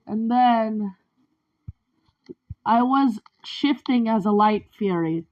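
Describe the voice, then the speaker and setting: This vlogger, a woman with a slightly mellow, higher-pitched voice, slowly works through a rambling story about herself. Each event gets tacked on with another "and then." The audio sounds dull.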